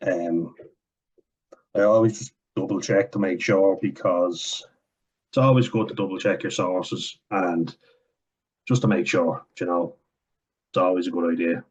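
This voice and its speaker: Irish male vlogger, deep and husky, blunt sardonic ranter who swears freely. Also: fairly even intonation, unhurried, long pauses. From Ireland. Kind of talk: casual opinion rant.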